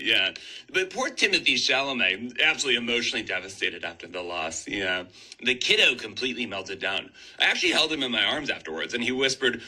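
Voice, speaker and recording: Brief: man doing a boastful finance bro dad, bright edge, husky tone, deadpan. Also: lowish voice, exaggerated voice, rough recording. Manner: boastful, offhand deadpan delivery. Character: smug wealthy male private equity dad. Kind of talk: comedy character sketch.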